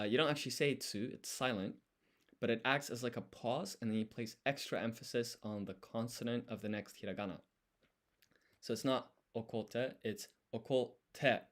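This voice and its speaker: A man streaming his language study, talking himself through each step as he writes. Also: mid-range voice. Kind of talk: thinking aloud while writing.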